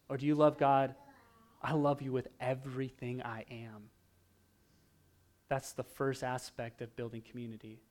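A man preaching a sermon, animated, swinging from loud emphasis to hushed, quiet asides. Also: medium pitch. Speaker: pastor.

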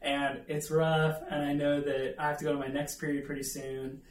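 A man with a somewhat high, flat voice speaks at a normal speed, preaching a conversational sermon. He tells a self-deprecating story and throws in asides to the audience. The sound is echoey, picked up by a distant mic.

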